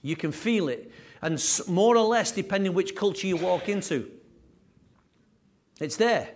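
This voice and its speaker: A man preaching a sermon with emphatic, repetitive phrasing, his voice rising and falling in loudness. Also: high voice, expressive, measured pace, a little hiss or hum. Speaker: pastor.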